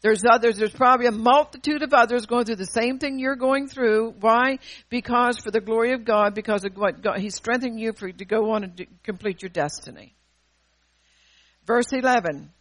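A woman preaching a sermon with call-and-response asides, swinging between loud bursts and hushed passages. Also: on the high side, normal speed, no room sound, rough recording.

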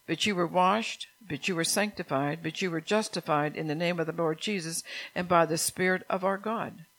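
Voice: medium pitch, normal speed, a bit bright, low-quality recording. A pastor preaching a sermon, emphatic and repeating key lines for stress, often calling out to the congregation for a response.

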